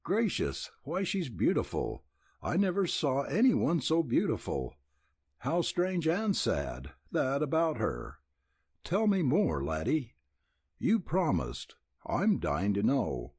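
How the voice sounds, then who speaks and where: A man voicing an eager, excitable young woman in a Western audiobook, breathless and pleading for news. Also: medium pitch, slow, husky, no room sound, studio quality, pitched above the performer's own voice, full character voice. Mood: eager, excited.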